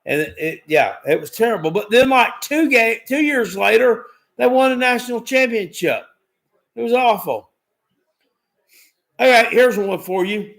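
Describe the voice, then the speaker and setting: A man hosting a live stream, asking trivia questions in a casual, excitable way, swearing now and then and often repeating himself. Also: very high voice, unhurried, gravelly. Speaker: livestream host.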